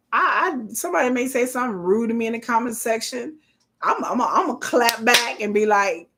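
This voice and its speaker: A woman, probably in her thirties, hosting a casual live stream and telling sassy, animated stories with bursts of laughter. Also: fairly high pitch, brisk, a little hiss or hum. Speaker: livestream host.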